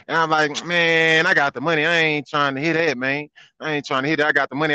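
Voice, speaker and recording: A man telling a story in casual chat, animated and repeating his phrases, laughing as he goes. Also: on the high side, a little fast, clean tone, no echo. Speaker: guest. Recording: dull lo-fi sound, dry.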